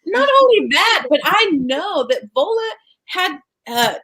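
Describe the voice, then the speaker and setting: A woman's voice: very high-pitched, big pitch swings, takes it slowly, sharp tone. A woman in casual chat among friends, blunt and outspoken.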